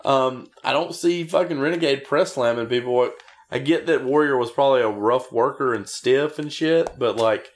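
Male co-host, casual profane wrestling talk, animated. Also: medium pitch. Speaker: podcast co-host. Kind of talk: casual chat watching wrestling.

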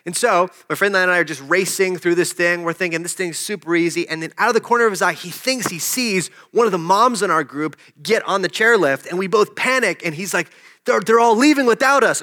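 Bright-voiced man preaching a sermon. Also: high-pitched. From desert region. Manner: conversational, jokes with the congregation. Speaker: pastor. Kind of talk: sermon with personal story.

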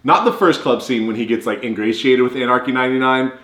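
A man's voice: mid-range voice, fast, a bit bright. A man co-hosting a podcast, casually chatting about a movie and rambling as he retells its scenes. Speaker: podcast co-host. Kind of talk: casual movie-review chat. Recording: roomy echo.

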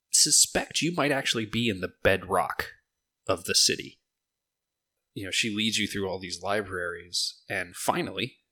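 A man narrating as game master of a tabletop game in a steady, descriptive way. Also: sits low, slightly rough.

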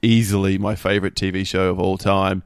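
Wry Australian man guest with a cold, low-pitched, dry close mic. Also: flat delivery, fairly quick, clean tone, no echo. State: unwell with a cold. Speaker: podcast guest. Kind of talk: casual podcast chat.

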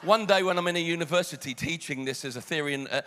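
A British man preaching a sermon, dramatic, dropping to hushed lines and rising loud. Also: on the high side, fast.

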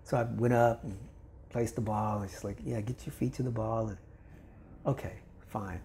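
A man's voice: fairly low pitch, fairly quick, a little hiss or hum. An older man from Kentucky, a volleyball coach, telling a story in casual talk, acting out the voices of the people in it and laughing often. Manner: animated, acts out quoted voices, laughs often. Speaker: volleyball coach, podcast guest.

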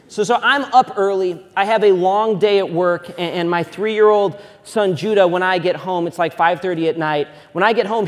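A man in his thirties preaching a sermon as a pastor, moving between loud emphatic preaching and quiet, hushed storytelling. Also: high-pitched, in a large hall. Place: church sanctuary.

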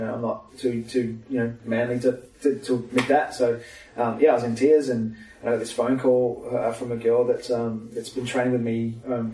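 A man's voice: mid-range voice, darkish tone. A man chatting casually as a podcast guest, telling stories in a laid-back way and laughing often. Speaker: guest, personal trainer and mentor. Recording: roomy sound, mic far off.

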